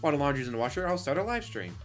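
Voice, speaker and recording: Speaking very fast and very animatedly, a man with a slightly high voice goes on a casual live-stream rant. Faint music plays underneath as he curses freely, laughs frequently, and pokes fun at the people he discusses.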